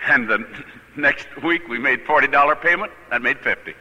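An older male pastor tells a personal story from the pulpit with lively energy. His tone is bright and forceful, and his voice rises a little high. The sound is an old radio broadcast with a long reverb. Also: normal speed, breathy edge. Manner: animated, laughing at his own story. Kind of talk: sermon storytelling.

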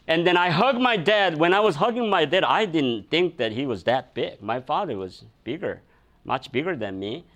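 A man's voice: fairly high pitch, animated, moderate pace, fairly bright tone. A man preaching a sermon, telling a personal story with many fillers, restarts and laughs. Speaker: pastor.

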